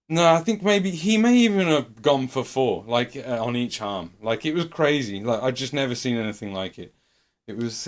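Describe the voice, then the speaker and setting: A man streaming, telling a rambling story with lots of swearing and fillers. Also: medium pitch. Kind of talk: casual storytelling.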